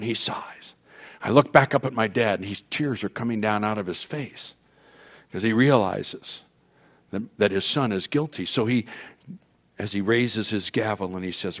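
A man preaching a sermon as a pastor, telling a story and explaining scripture in an animated way. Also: lowish voice, moderate pace. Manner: storytelling, animated with quoted voices.

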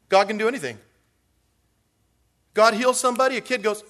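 A man preaching a sermon as pastor, talking conversationally with jokey asides and acting out little quotes. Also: brisk. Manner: animated, acts out quotes with big pitch swings.

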